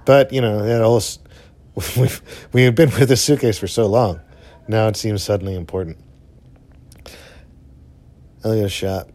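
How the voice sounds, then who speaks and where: A young man giving casual, rambling movie commentary while watching, full of fillers and offhand swearing, his voice jumping up when excited. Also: measured pace, pauses often. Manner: enthusiastic, pitch jumps up when excited. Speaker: film commentator.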